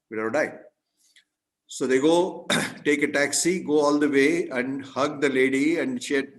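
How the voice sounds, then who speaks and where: A man giving a storytelling speech as a guest speaker, earnest, often clearing his throat and restarting his sentences. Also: medium pitch, rough recording. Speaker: guest speaker at a club meeting.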